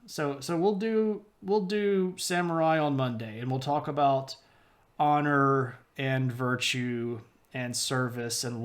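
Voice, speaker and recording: A man chatting casually with his live-stream viewers, rambling and halting as he goes over the schedule. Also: medium pitch. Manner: rambling, halting, talks baby talk to his dog. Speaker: history streamer.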